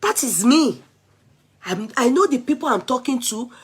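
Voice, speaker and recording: Nigerian woman, fairly high voice, lively casual vlog talk, code-switching. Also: normal speed, breathy edge. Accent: Nigerian English. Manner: mixes English, Yoruba and pidgin, animated. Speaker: vlogger. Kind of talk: casual chat.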